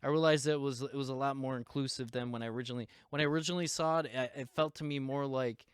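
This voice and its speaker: A man's voice: mid-range voice, steady tone, rapid-fire, smooth, dry recording. A man hosting a podcast, rambling casually with lots of fillers and laughs. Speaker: podcast host. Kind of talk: casual chat.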